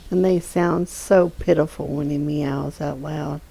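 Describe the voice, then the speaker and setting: A woman streaming from home, chatting slowly and softly to her cat at a desk microphone. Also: deep voice, steady tone, vocal fry, husky, rough recording. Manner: slow, soft baby talk to her cat. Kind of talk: casual chat with her cat while gaming.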